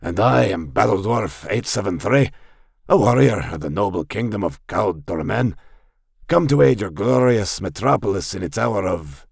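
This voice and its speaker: A man's voice: sits low, expressive, unhurried, gravelly, few pauses, husky, no room sound, studio quality, heavily acted. A man voicing a bombastic male dwarf warrior role-player, with grandiose archaic phrasing and a failed attempt at a Scottish brogue.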